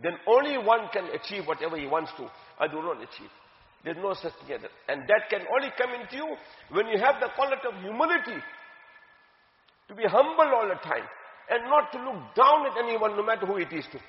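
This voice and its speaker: A woman's voice: on the high side, very animated, fairly quick. A woman giving an earnest religious talk, repeating key phrases for emphasis. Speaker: religious teacher. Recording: dull, echoey hall with long reverb.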